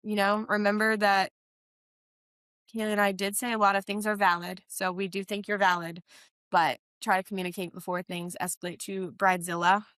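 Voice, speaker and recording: A woman's voice: medium pitch, fairly bright tone, dry recording. A young woman hosting a casual podcast as a wedding planner, chatty with lots of "um" and "like". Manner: chatty, many fillers like "um" and "like".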